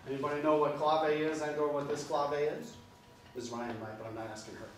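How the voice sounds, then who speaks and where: An older man from New Orleans coaches a school jazz band, scatting drum rhythms aloud with a joking touch. His voice sits a bit high for a man. The band room is very echoey, and he is heard from a distance over faint room noise. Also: steady tone, fairly quick. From New Orleans, USA. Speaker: band clinician. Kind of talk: jazz band clinic instruction.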